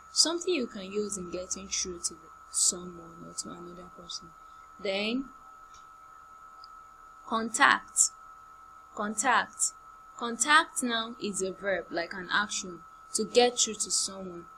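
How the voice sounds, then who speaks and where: Female primary English teacher, drills vocabulary at a slow deliberate pace, faint hum on the recording. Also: mid-range voice. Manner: slow, drilling words by repetition with example sentences. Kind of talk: online class lesson.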